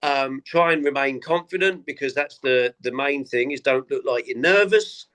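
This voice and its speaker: A man, a stand-up comedian, telling tour anecdotes in a relaxed interview and acting out the people he quotes. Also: medium pitch, normal speed. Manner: animated anecdotes, acts out quoted voices. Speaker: comedian guest. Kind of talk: casual interview storytelling.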